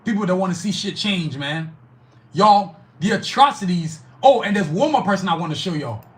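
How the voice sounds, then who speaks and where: A man's voice: sits high, lively intonation, normal speed. A man hosting a podcast, giving a heated, profane political rant while answering live chat. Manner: profane, fired-up, emphatic.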